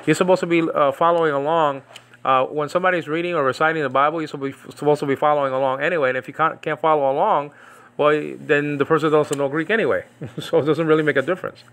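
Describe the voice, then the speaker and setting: A man teaching New Testament Greek in a casual, rambling way, slowly repeating the Greek words and chuckling now and then. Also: a little high, fairly even intonation, fairly bright tone. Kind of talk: casual Bible Greek lesson.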